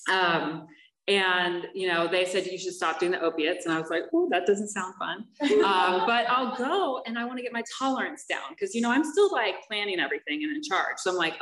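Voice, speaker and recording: Woman sharing a recovery testimony, halting and frank, fillers and wry laughs, slightly low voice. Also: fairly bright tone. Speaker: speaker sharing her recovery story. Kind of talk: personal testimony. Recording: echoey room, voice from a distance.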